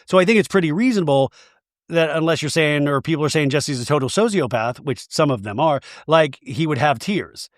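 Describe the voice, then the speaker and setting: A man hosting a podcast, giving comedic recap commentary in an animated, sarcastic way with plenty of swearing. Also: on the high side, a little fast, no echo, clean studio sound. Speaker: podcast host.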